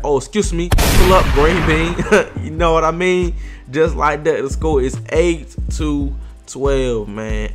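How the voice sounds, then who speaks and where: A young man giving a slangy, excitable gameplay commentary voice-over, trash-talking his opponent. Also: medium pitch. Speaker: gaming video creator.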